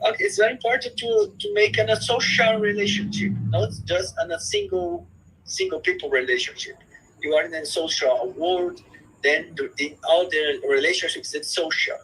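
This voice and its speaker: A man speaking as a psychologist guest on a live chat, talking in halting English with many repeats and restarts. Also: sits high, expressive, fairly bright tone, slight background noise, rough recording.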